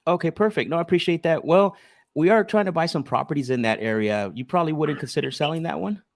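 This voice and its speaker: A man's voice: fairly high pitch, expressive, quick pace, gravelly, dry recording. Assertive male sales coach, dry sound. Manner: assertive, teaching tone with frequent restarts. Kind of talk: live coaching stream with cold calls.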